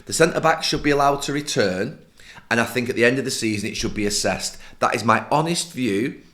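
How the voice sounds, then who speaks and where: A man's voice: mid-range voice, brisk, fairly bright tone. A middle-aged man, co-hosting a football podcast, explaining tactics firmly and at length. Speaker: podcast co-host, football pundit. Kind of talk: casual football discussion.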